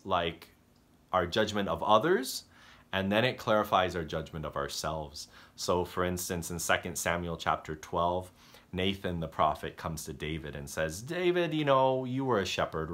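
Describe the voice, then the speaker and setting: A man preaching a conversational sermon as pastor, halting and restarting often, and acting out the voices of story characters. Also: low-pitched, a bit bright. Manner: halting, self-correcting delivery that acts out story characters.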